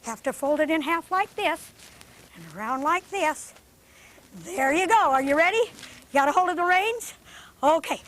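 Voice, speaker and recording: A woman hosting a children's show, talking to a group of young kids in a studio in a gentle, patient, sing-song teacherly way. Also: high-pitched, expressive, a little slow, a little hiss or hum.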